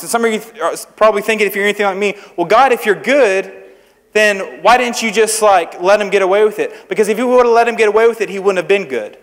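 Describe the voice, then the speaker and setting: Youth preacher, young man, high voice, chatty and joking with students, church hall with a long echo. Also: fairly bright tone. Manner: conversational, humorous, asks the crowd questions. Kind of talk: sermon to students. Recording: echoey hall with long reverb.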